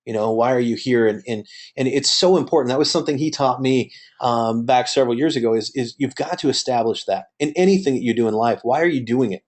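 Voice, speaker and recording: A man's voice: medium pitch, a little mellow. A middle-aged man, a company executive, giving an earnest motivational talk on a webinar, with many fillers and restarts.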